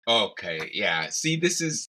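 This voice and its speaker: A man co-hosting a casual podcast chat, playful and quick to laugh. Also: on the low side, rough recording. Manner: laughs often, animated and playful. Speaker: podcast co-host.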